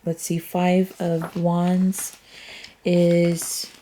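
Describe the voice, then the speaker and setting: Slow, low-voiced woman reading tarot. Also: completely flat delivery, mellow, a little hiss or hum. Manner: frank, blunt, swears freely; rambling, thinks aloud. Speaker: tarot reader. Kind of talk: casual tarot reading vlog.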